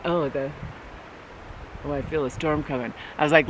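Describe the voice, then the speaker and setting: Woman vlogging at her cabin, chatty story, voice shoots way up when she gets excited. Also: normal speed, pauses often, a little hiss or hum. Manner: animated, voice jumps high when excited. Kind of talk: casual storytelling. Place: outdoors at a forest cabin.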